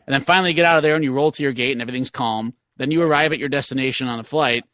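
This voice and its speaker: A man's voice: mid-range voice, racing, a bit bright, no room sound. A man co-hosting a casual podcast chat, telling long rambling anecdotes padded with fillers. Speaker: podcast co-host.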